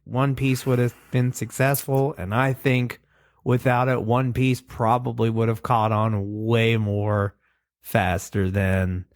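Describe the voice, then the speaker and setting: Slow-talking man co-hosting a podcast. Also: mid-range voice, no echo, clean studio sound. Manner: relaxed, chatty, reads show plugs. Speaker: podcast co-host. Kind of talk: casual chat.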